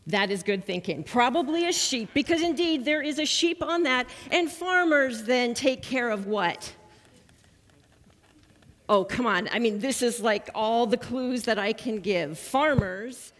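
Woman leading a children's message; coaxing, question-asking, a bit high-pitched, with a reverberant sanctuary sound. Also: unhurried. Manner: lively, coaxing, encouraging, asks questions. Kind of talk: children's sermon with questions to kids. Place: church sanctuary.

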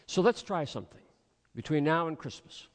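A man's voice: a little high, animated, fairly quick. A pastor giving a sermon in a church, earnest and rhetorical, acting out the voices of his listeners. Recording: long hall reverb.

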